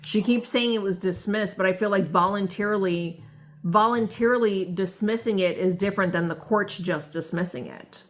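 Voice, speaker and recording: A woman co-hosting a casual chat, explaining her view of a court case in a measured way. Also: medium pitch. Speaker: co-host.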